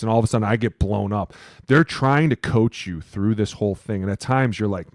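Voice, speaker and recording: A man co-hosting a football podcast, a former lineman telling stories in animated, profane casual chat. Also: lowish voice, brisk, no echo, studio quality.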